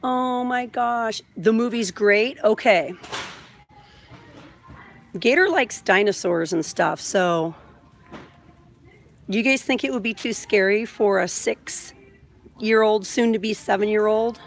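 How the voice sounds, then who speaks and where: This is a woman in her thirties vlogging live from inside a large store, recorded on a phone held on a vlogging mount. She talks in a bubbly, gushing, chatty way and sits at a middle pitch. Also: takes it slowly, vocal fry, pauses often, soft background music. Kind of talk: live shop-with-me vlog.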